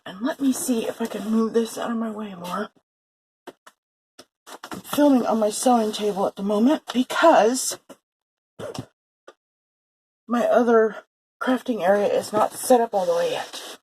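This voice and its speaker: A woman chats through a thrift haul in a loose, rambling way, full of fillers and quick self-corrections. She is recorded indoors at her sewing table on a home camera. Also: fairly high pitch, slight background noise, rough recording. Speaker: vlogger showing a thrift haul. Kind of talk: casual haul vlog chat. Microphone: handheld or table camera.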